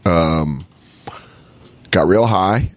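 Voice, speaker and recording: A man's voice: deep voice, very slow, no echo. A podcast co-host telling a story in a casual chat, acting out his own angry outbursts and swearing a lot.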